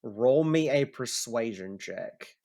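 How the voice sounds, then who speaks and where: A man narrating as game master of a tabletop game, in a casual, unhurried way. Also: medium pitch, lively intonation, creaky, a little mellow.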